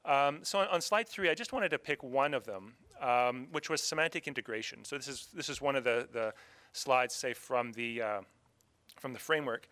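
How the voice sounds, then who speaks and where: A man's voice: medium pitch, normal speed, sharp tone. A man from Canada presenting slides at a conference, hesitant and full of fillers. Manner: hesitant, many fillers and restarts. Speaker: panel speaker.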